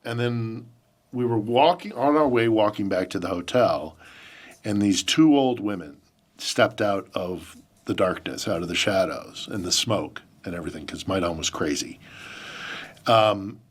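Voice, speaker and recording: A man's voice: on the low side, unhurried. A man recalling a personal story in conversation, emotional and reflective as he talks. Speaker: podcast host being interviewed.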